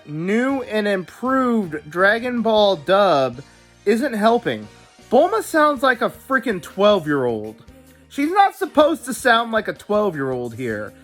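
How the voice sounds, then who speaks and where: A man's voice: sits high, a bit bright. A man hosting a video, giving opinionated casual commentary with stammering asides. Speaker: video host reviewing dubs.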